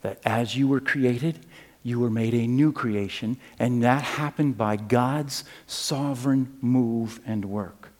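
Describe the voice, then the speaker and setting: An older man preaching a sermon, animated in his stories and dropping low and quiet for serious points. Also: slow, big-room sound. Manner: animated storytelling, swings from loud and high to low and quiet. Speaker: pastor.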